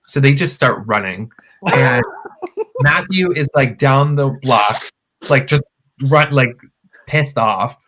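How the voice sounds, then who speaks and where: A man co-hosting a podcast, telling a wild story in casual chat, animated, cursing often and calling his friends "girl". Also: mid-range voice, slow pace, pauses often, a little hiss or hum, rough recording. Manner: animated, swears freely, calls friends "girl". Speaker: podcast co-host.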